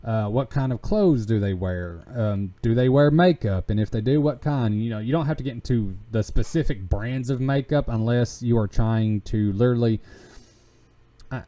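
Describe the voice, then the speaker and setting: A podcast host with a Southern US country accent speaks in a mellow, medium-pitched voice. He rambles casually and haltingly, full of fillers and restarts.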